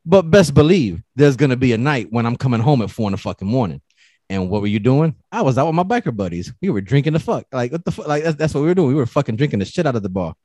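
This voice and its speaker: A man's voice: mid-range voice, fast, no echo. A man in casual chat, telling stories with lots of swearing and acting out what people said. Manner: animated storyteller, profane, acts out quotes.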